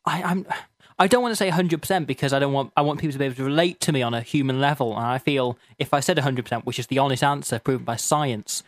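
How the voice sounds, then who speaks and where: A man's voice: medium pitch, fast, no room sound. A man co-hosting a comedy radio show, rambling in a mock-pompous, self-aggrandizing way. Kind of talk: comic banter.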